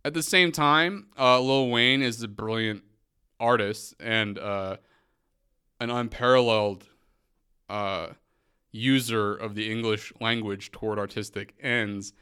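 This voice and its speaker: A man's voice: on the low side, sharp tone, clean tone. A man hosting a podcast, telling a story in a casual, profane rant with lots of fillers. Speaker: podcast host. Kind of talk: casual monologue.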